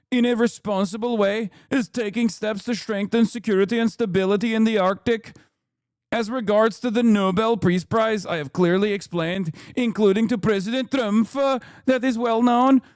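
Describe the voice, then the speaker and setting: A formal statesman reads an official statement in a thick Norwegian accent, as a man puts it on. The delivery is stiff and measured, in a bright, high voice. The sound is clear and dry. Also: dry recording, natural voice. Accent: put-on Norwegian accent. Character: mock Norwegian prime minister reading a statement.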